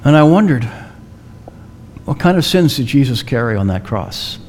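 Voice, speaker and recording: A man preaching a sermon, telling a story slowly and dramatically with long pauses. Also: medium pitch, big pitch swings, darkish tone, slight background noise.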